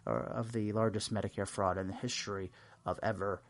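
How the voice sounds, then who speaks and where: A man's voice: on the low side, steady tone, fairly quick, no room sound. A man giving a rambling, self-mocking comedic answer in an interview, full of fillers and restarts. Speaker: interview guest.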